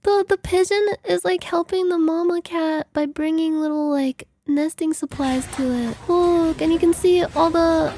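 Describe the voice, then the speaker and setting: A young woman streamer giving casual reaction commentary, excitable and exclamatory, playful and a bit crude. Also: very high-pitched, normal speed, hardly any pauses, a little hiss or hum.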